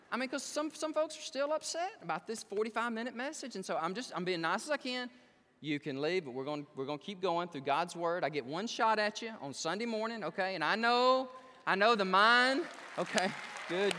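Preacher guy, pretty high voice, echoey sanctuary, keeps talking to the crowd. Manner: animated preaching with repetitions and asides to the congregation. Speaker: pastor. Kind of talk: sermon. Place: church sanctuary.

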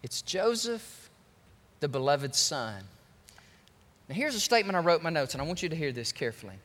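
A man preaching a sermon as pastor, animated and joking, speaking straight to his congregation. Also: on the high side, fairly quick. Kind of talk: lively sermon. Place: large church sanctuary. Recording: long church hall reverb.

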